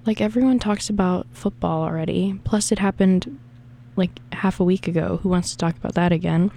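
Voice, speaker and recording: A woman's voice: lowish voice, steady tone, fairly quick, creaky, warm tone. A young woman from the American South with a Southern accent, chatting casually and rambling between songs as a radio DJ. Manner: rambling, chatty, self-deprecating.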